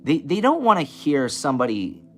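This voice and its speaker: A man hosting a live stream, ranting in an animated, passionate way and stuttering and restarting often. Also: a little high, normal speed. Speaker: live stream host giving readings. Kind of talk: casual live-stream rant. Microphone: camera mic, moves the camera around.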